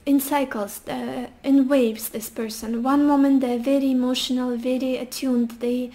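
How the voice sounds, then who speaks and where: A woman's voice: sits high, flat delivery, moderate pace, warm tone. A young woman giving a casual tarot reading, musing intuitively with sassy asides. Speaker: tarot reader.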